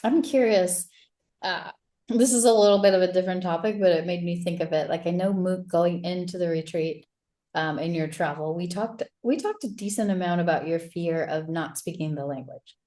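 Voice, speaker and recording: Lowish-voiced woman interviewer asking questions. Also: normal speed, mellow. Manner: rambling, many fillers and restarts, encouraging questions. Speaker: interviewer and retreat host. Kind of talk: casual interview.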